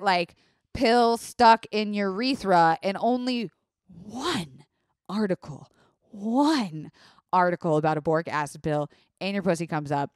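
A young woman hosting a podcast, telling a story in a casual, profane, animated way and acting out the people she quotes. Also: lowish voice, smooth, no room sound, studio quality. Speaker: podcast host.

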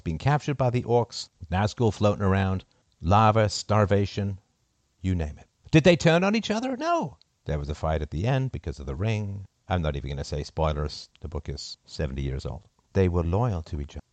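A middle-aged call-in show host delivers an impassioned, emphatic monologue in a dry recording. He leaps from loud peaks down to low, muttered asides.

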